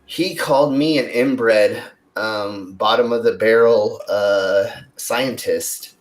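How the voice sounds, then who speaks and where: A man's voice: fairly low pitch, takes it slowly. Male co-host, casual chat, rambling delivery full of fillers. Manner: rambling, many fillers and restarts. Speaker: podcast co-host. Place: Denver, United States.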